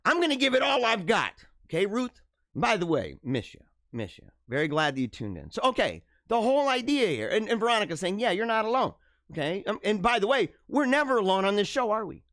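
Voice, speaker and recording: A man's voice: high-pitched, fairly quick, no echo, studio quality. A man hosting a live show, chatting loosely, reading out viewer comments and laughing often, with lots of "dude" and "man". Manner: animated, laughing, slangy ("dude", "bro", "man"). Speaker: livestream show host.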